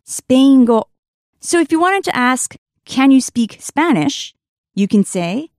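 Lively high-voiced woman teaching a lesson. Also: dry recording, clean studio sound. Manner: clear, careful teaching delivery, slowing to sound out words. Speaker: language teacher. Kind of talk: scripted language lesson.

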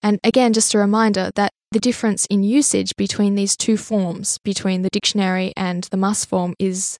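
A woman's voice: medium pitch, flat delivery, moderate pace, a little mellow, no room sound, studio quality. Woman hosting a language lesson podcast. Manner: friendly, explanatory, asks the co-host questions. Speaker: language teacher and host.

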